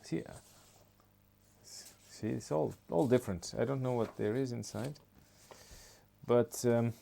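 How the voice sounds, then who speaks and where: A man's voice: medium pitch, slow pace, vocal fry, dark tone. A man, a comedian, doing a rambling comedy monologue and laughing at his own jokes.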